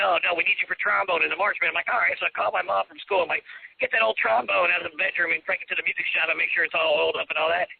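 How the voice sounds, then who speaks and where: Brief: gravelly, husky-voiced bass player from Florida, profane and animated, fast talker, tinny phone-line sound. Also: male voice. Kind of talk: casual talk-radio chat. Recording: tinny phone-like radio audio.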